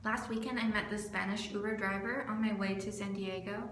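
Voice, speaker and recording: A young woman from California, a student narrating her video essay from a script, earnest and steady. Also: medium pitch, a little fast. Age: young adult. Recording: roomy with faint background noise.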